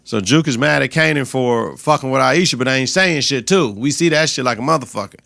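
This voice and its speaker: Male podcast host with a bright, edgy voice, casual and profane, recorded dry and close. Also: medium pitch, expressive, brisk, creaky, no echo. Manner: loose, slangy, profane storytelling. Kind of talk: casual episode recap.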